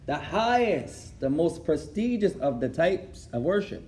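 A man teaches an Islamic lesson to a class in a fairly high, sing-song, slightly mellow voice, taking his time. He alternates between English and Arabic, translating as he goes, repeats phrases for emphasis, and laughs at his own stories. There is slight background noise.

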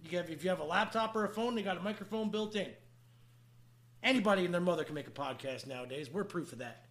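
A man's voice: high voice, fast talker. A man co-hosting a podcast in casual banter, teasing his guest and swearing often. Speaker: podcast co-host.

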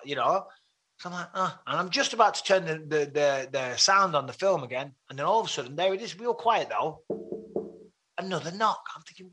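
A man's voice: a little high, breathy edge. A man with an English accent, a podcast guest telling a long story in casual chat and acting out his own remarks in a raised voice. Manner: animated, acts out his own quotes with rising voice.

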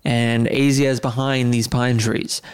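This man is a podcast host spinning a story in relaxed conversation, breaking into laughter partway through sentences. He speaks in a smooth, medium-pitched voice at an unhurried pace, with animated delivery.

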